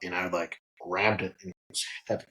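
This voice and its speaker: A low-pitched man rattles off stories at a quick clip. He swears freely and keeps the talk casual, now and then doing the voices of the people in his story. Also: flat delivery, pushed and bright. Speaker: guest, head distiller.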